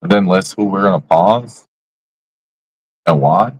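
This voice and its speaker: In a casual livestream rant, a man bluntly tears into other creators using profane slang. His voice is low, a little slow and slightly rough, and the recording is rough too.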